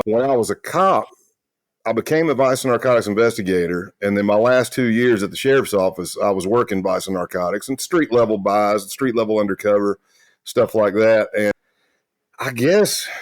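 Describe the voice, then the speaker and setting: A man's voice: lowish voice, no echo. Boisterous middle-aged man telling stories. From South Carolina. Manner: loud and boisterous, brash. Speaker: guest, retired FBI agent. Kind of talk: casual interview storytelling.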